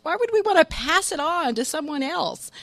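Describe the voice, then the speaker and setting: A grandmother in her fifties giving a lively, chatty sermon with humorous stories, often breaking into laughter. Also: high-pitched, moderate pace, dry recording. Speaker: church speaker.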